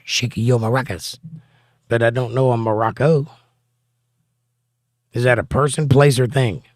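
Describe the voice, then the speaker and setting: At an ordinary middle pitch, a man runs a relaxed livestream, reading chat messages aloud and firing back quick wisecracks. A desk mic in a small home room captures him dry and close, with no echo.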